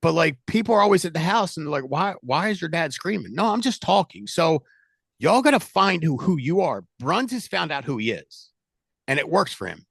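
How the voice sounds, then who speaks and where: A middle-aged man leading a sales team, talking loudly and animatedly in a casual coaching chat. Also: a little high, a little fast, gravelly, dry recording. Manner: loud, animated, talks with his hands.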